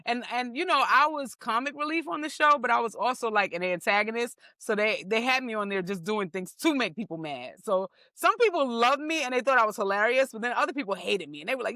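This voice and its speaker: A young woman from New York, a comedian guest telling stories in an animated, slangy way. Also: fairly high pitch, brisk, hardly any pauses, dry recording, clean studio sound. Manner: animated, slangy, acts out quoted voices. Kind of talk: casual storytelling interview.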